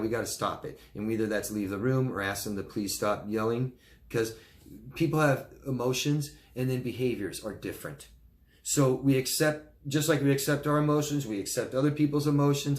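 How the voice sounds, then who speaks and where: During a live Q&A session, a male life coach with a medium-pitched voice offers advice at a moderate pace. His delivery is earnest and informal, full of "right?" check-ins and restarted phrases.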